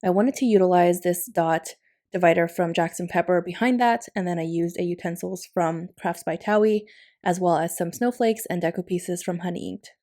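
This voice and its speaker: A woman's voice: on the low side, moderate pace. A woman narrating a planner-decorating vlog in a chatty, casual voiceover, often laughing lightly. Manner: chatty, warm-hearted, with frequent laughs. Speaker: planner vlogger. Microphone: recorded voiceover.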